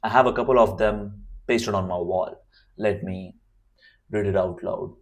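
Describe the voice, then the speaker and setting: A communication coach speaks off the cuff to the camera in a deep, worn, hoarse voice. His tone stays steady and his pace measured, yet he drives points home emphatically and repeats his key phrases.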